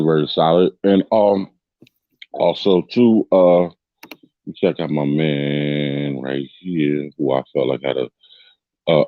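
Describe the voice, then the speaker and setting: Deep-voiced man hosting a loose fan podcast. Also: no room sound, narrow, tinny audio. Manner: rambling, loose and chatty, with many restarts and tag questions. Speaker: podcast host. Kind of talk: casual fan podcast discussion.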